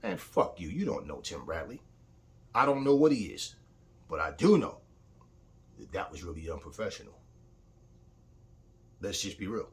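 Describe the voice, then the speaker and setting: A man's voice: low-pitched, big pitch swings, normal speed, long pauses. A man talking in a casual opinion vlog as a boxing commentator, telling stories bluntly and heatedly, with frequent swearing.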